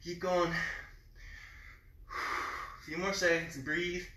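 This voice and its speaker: Bright-voiced man coaching a workout. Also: high-pitched, little pitch movement, slow, slight background noise. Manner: counts and cues moves while exercising, chatty asides. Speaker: fitness trainer. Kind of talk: live online workout coaching. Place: home room. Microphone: camera mic at a distance. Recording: echoey room, voice far from mic.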